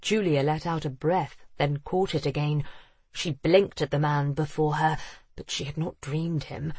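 An audiobook narrator reading a period romance novel in an expressive, storytelling manner. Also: mid-range voice, measured pace, husky, no room sound. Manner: expressive, acting out the characters.

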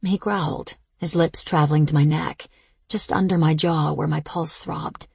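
A woman giving slow, intimate, first-person audiobook narration. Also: deep voice, steady tone, gravelly, darkish tone, slightly rough, dry recording.

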